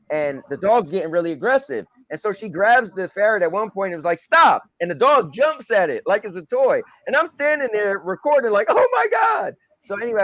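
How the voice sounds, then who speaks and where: A young man chatting on a casual podcast. His voice sits high and swings widely as he tells stories. He acts out each person he quotes. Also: no room sound, highs cut off. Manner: animated storyteller acting out quotes. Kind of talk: casual chat.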